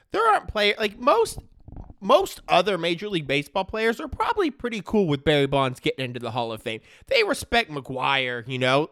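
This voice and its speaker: This male sports commentator rants with strong opinions in animated, slang-heavy talk, tossing in "right?" and "dude" again and again. His voice sits high, and the recording is clean studio quality without echo.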